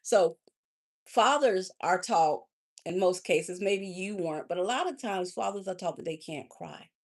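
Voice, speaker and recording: A woman coach speaking live to her audience in a preacherly, lively way. She calls people honey and baby, rising loud then dropping soft. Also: on the low side, unhurried. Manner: animated, swings between loud and soft. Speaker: life coach hosting a livestream. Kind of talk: live motivational talk.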